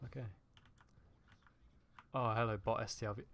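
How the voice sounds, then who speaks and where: Gravelly man swearing through a game stream. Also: medium pitch, level tone, moderate pace, long pauses, fairly bright tone. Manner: profane, joking chatter with his chat. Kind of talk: live gameplay commentary.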